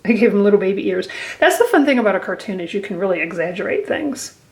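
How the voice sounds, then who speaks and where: A woman art teacher talks through a drawing lesson in a mid-pitched voice. She is playful and encouraging and speaks straight to young viewers as she sketches. She laughs often and acts out silly sounds. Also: expressive, fast talker.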